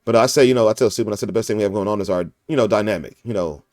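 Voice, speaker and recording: A man's voice: on the low side, racing, a little mellow, no echo, studio quality. A man hosting a casual podcast over an online call, joking around in a goofy way and laughing often. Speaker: podcast host.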